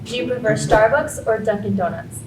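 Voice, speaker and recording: A woman off camera asking short, plain interview questions in a brisk manner. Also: a little high, recorded from a distance, over music, low-quality recording.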